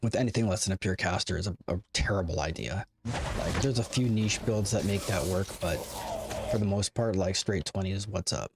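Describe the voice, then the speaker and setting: A fairly low-voiced man chats his way through a game stream, rambling and circling back with plenty of fillers. Steady background noise and keyboard clicks sit under his voice throughout. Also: brisk. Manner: rambling, chatty, full of fillers and asides to chat. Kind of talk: casual live-stream commentary.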